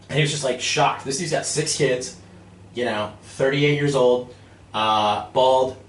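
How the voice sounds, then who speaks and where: Animated man telling a story, roomy sound. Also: mid-range voice, a little slow. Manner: animated storyteller, acts out quotes, laughs often. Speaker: guest, army veteran turned real estate investor. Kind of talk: casual storytelling interview. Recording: roomy, distant mic with faint noise.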